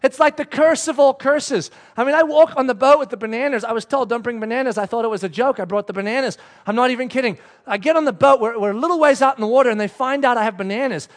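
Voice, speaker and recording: A man preaching a sermon, telling the story with lively acted-out voices. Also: extremely high pitch, quick pace, hardly any pauses. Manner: animated storytelling, acts out the characters' voices. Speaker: pastor.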